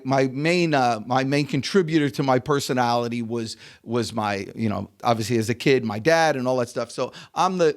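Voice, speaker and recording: A man from the United States, a sales coach telling stories as a guest on an interview podcast, animated and chuckling between points. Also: medium pitch. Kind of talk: casual interview storytelling.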